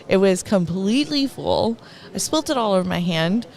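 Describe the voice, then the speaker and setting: A woman's voice: mid-range voice, animated, moderate pace, creaky, darkish tone. A middle-aged woman with a Texan accent giving rambling, talkative live commentary at an event, laughing between thoughts.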